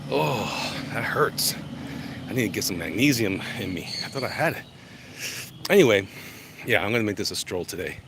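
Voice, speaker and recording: On an outdoor walk through urban streets, a man vlogs in a lowish, expressive voice at a moderate pace with frequent pauses. He's talkative and easily pulled off track in this casual monologue, sounding congested in the chest and moving on sore legs, with passing cars and loud traffic all around.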